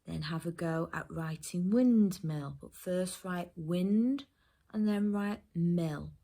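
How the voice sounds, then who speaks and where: Slow, careful woman teaching phonics. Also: on the low side, dark tone. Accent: English. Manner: slow, careful sounding out of letters. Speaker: primary school teacher. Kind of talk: phonics lesson for children and parents.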